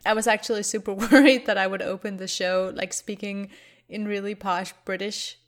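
A woman's voice: mid-range voice, fairly even intonation, moderate pace. Chatty woman hosting a podcast. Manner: chatty, laughs often. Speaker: podcast host. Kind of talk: casual podcast chat.

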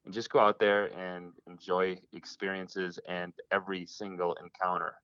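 A man's voice: deep voice, flat delivery, normal speed, a bit bright, clear, resonant tone, no echo. A man talking as a guest in an interview, earnest and reflective, often restarting his sentences, over a phone line. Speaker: hunting guest. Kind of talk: casual interview talk. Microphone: phone call.

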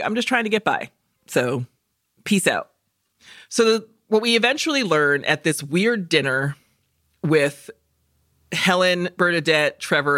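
Low-pitched and recorded at studio quality with no room sound, she co-hosts a podcast and retells a film in an animated, foul-mouthed way. Quoting the characters in jokey voices is her main source of laughs.

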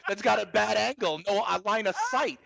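A man's voice: high-pitched, brisk, vocal fry, bright, forceful tone, lo-fi sound. A man co-hosting a sports radio show, tossing in joking, slangy banter. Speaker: radio co-host. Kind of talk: casual radio chat.

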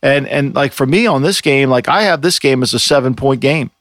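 A male co-host in casual sports talk, rambling through his points with lots of restarts. His voice sits at a middling pitch, recorded dry with no room sound. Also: brisk, a bit bright, no room sound. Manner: rambling, frequent restarts and fillers. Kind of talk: casual sports betting chat.

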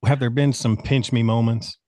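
A man's voice: mid-range voice, steady tone, moderate pace, mellow, no echo, clean studio sound. A man co-hosting a podcast, asking questions and cracking jokes. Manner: joking, playful questioner. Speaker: podcast co-host. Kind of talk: casual interview chat.

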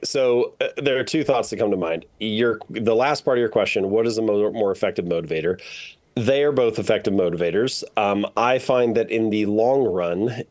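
A man who is an author, a guest on a podcast interview, answering questions in a measured, explanatory way with frequent ums. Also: lowish voice, a little mellow.

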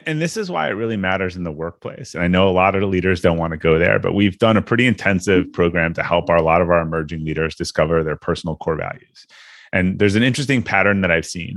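A lowish male voice, recorded close and dry. He hosts an interview and speaks earnestly, reflecting on patterns he has seen at work. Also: quick pace, fairly bright tone, no echo. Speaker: podcast host. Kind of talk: casual interview chat.

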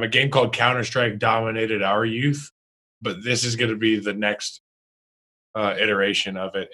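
A man's voice: lowish voice, sharp tone, rough recording. A young man co-hosting a podcast in casual chat, blunt and joking. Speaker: podcast co-host.

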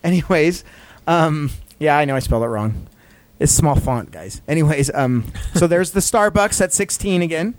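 A man with a slightly high voice hosts a casual podcast. He rambles, apologizes for his own slips, and keeps defending his choices even when no one argues. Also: slight background noise. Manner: rambling, self-deprecating, quick to justify himself. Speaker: podcast host.

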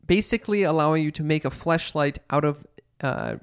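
A man's voice: creaky, smooth, no room sound. Man podcast co-host, casual chat, wry, dry close sound. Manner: wry, sometimes puts on a slow low relaxed voice.

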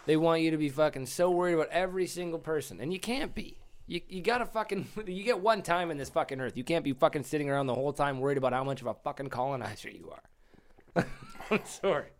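A blunt man with a voice a bit higher than most, venting hard in casual chat. He swears constantly and pushes his opinions without holding back. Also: fast. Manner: blunt, profane, ranting.

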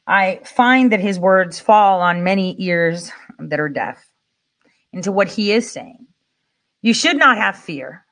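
A middle-aged woman talks to her listeners in a loose, rambling monologue. Her voice sits in a mid range and jumps up and down as she gets animated. She uses fillers and the odd swear word. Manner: rambling and animated, with swings of pitch and loudness; conversational, with fillers and mild swearing. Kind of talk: casual monologue.

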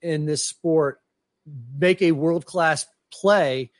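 A man's voice: on the high side, very slow, no room sound, clean studio sound. A man co-hosting a casual golf podcast, rambling through stories and acting out what people said. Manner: rambling storyteller, acts out quotes. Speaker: podcast co-host.

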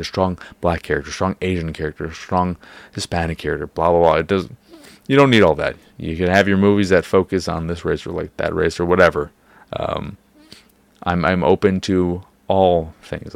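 A man's voice: low voice, creaky, no echo. A man hosting a podcast, rambling in casual talk with lots of fillers and hedges. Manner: rambling, hedging, many fillers. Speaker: podcast host.

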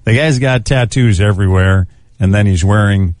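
A man's voice: lowish voice, moderate pace, a little mellow, no room sound, studio quality. A man hosting a radio show, chatting casually through odd news stories, chuckling often and tripping over unfamiliar names. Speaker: radio host.

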